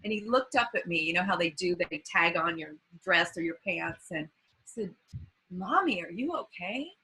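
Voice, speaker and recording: A woman in her fifties, a podcast guest, telling an emotional personal recovery story in a halting, earnest way with many fillers. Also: on the low side, expressive, pushed and bright, husky, poor audio.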